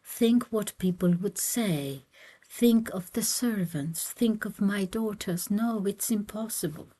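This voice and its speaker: A woman's voice: medium pitch, slow pace, dark tone, pitched above the performer's own voice. A woman reading aloud, voicing a flustered married mother who breathlessly stammers refusals to a suitor.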